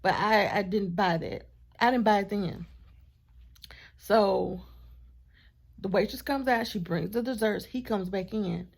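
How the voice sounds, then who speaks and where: A woman vlogger telling a storytime in a chatty, animated way, with asides to her partner off camera. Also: mid-range voice, unhurried, vocal fry, pauses often, slightly rough. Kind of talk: casual storytime vlog.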